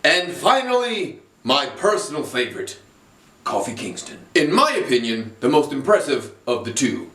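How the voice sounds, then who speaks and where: A man delivers comedic roast commentary, mocking and swearing freely, with a voice that leaps around in pitch. He sits a little away from the microphone in an echoey room. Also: moderate pace, far from the mic. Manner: animated, profane, mocking. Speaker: comedy video creator.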